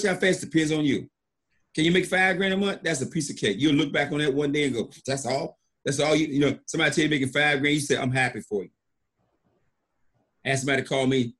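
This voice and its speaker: Fast, husky-voiced motivational man. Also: medium pitch, fairly bright tone. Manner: emphatic, repeats phrases, acts out quotes. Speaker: network marketing leader. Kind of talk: motivational storytelling.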